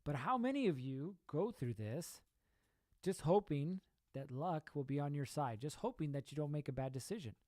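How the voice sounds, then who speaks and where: A man's voice: on the high side, lively intonation, normal speed, dark tone, dry recording. A young man hosting a podcast, giving an emphatic motivational talk full of rhetorical questions and repeated points. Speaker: podcast host.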